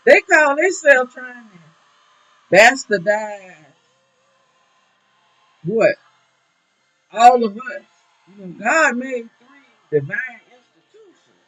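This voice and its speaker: A man's voice: very high-pitched, expressive, slow, pauses often, pushed and bright. A man, a minister, talking in a preachy, emphatic way in casual discussion, repeating his points. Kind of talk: casual talk show discussion. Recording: dull lo-fi recording.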